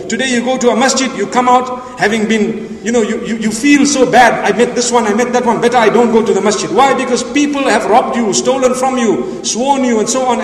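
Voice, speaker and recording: A man with a very high voice preaches a passionate sermon, posing rhetorical questions, rising to shouts, and mixing in Arabic religious phrases. He sounds far off, in an echoey hall.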